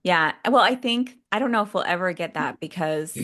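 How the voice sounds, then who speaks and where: A woman's voice: fairly low pitch, animated, moderate pace, a bit bright. A woman from Texas, raised later in Utah, who is a guest on a planner channel, chatting enthusiastically and laughing often. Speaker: guest, sticker shop owner and planner creator. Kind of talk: casual chat.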